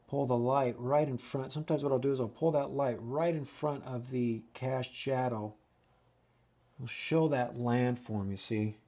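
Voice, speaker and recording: A man's voice: mid-range voice, warm tone. A man giving a casual oil painting lesson, thinking aloud and restarting sentences as he works at the easel. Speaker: painting instructor.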